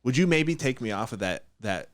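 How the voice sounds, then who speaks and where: Brash male podcast host with a middle-pitched voice, lively delivery and a dry, close sound. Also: normal speed, no echo. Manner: blunt, animated, fired-up. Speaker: mortgage broker, podcast host. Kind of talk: casual podcast storytelling.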